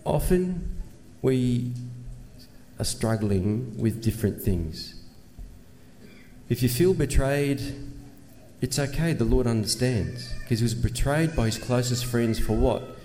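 A man's voice: medium pitch, animated, slow pace, dark tone. A man preaching a sermon in an earnest manner, asking rhetorical questions and pressing his points with emphasis. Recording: long reverb, faint ambient noise.

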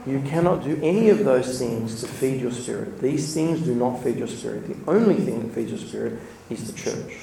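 A man's voice: medium pitch, normal speed, creaky, few pauses, mellow, slight background noise. A man giving an informal sermon, chatty and storytelling, laughing between points. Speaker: church speaker. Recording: echoey room, mic from a distance, faint ambience.

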